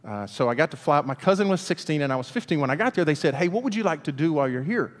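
A man from Alabama, preaching a storytelling sermon in a folksy, animated way. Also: a little high, very fast. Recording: long hall reverb.

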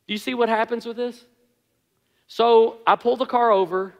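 A man with a high, light voice delivers a sermon, easing into conversational storytelling with a self-deprecating humor. His words ring out with a long reverb, as if heard in a large church sanctuary. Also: fairly even intonation, moderate pace, long pauses. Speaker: pastor.

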